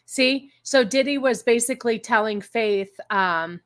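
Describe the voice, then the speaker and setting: A woman hosting a casual stream, reacting bluntly to the story, swearing and exclaiming as she goes. Her voice sits fairly high for a woman. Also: unhurried, few pauses. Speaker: stream host. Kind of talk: casual chat reacting to a book summary.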